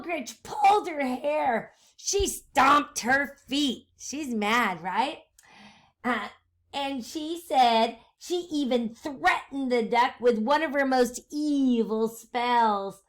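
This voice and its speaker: Slow, animated woman teacher reading aloud. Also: fairly high pitch. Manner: animated, asks the children questions, drops into hushed asides. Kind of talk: reading a picture book aloud to a class.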